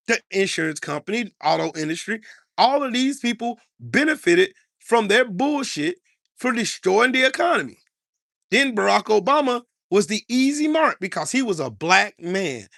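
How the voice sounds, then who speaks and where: A man's voice: high voice, bright, forceful tone, no echo, studio quality. An American man delivering heated political commentary in an angry, profane, repetitive rant.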